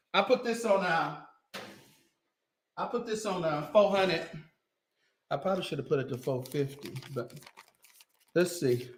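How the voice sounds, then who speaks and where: A man hosting a casual cooking livestream from a home kitchen, chatting straight to his viewers as he cooks and sometimes moving away from the mic. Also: high voice.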